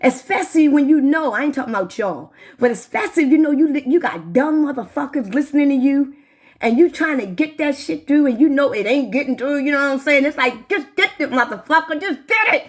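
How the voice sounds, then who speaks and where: A woman's voice: high voice, lively intonation, fairly quick, a little mellow. A woman in her forties ranting on a live stream, swearing constantly and talking straight to her viewers. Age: 40s. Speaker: livestreamer. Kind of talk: profane live-stream rant.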